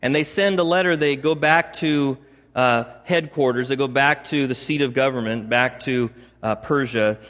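A man's voice: mid-range voice, normal speed, fairly bright tone. A male pastor preaching a sermon, repeating points for emphasis and adding chatty asides. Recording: long reverb of a large hall.

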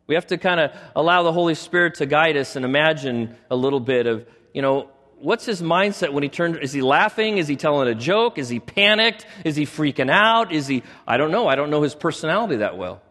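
A man preaching a sermon, retelling a story with animated delivery and acting out quoted lines. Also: a little high, big-room sound. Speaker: pastor.

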